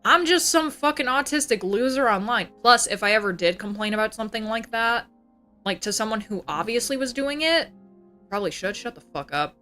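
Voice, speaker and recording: Brash, bright-voiced young woman ranting. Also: on the high side, lively intonation, brisk, faint music behind. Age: young adult. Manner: profane, heated ranting with mocking put-on voices. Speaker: VTuber livestreamer. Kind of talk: casual ranting livestream chat.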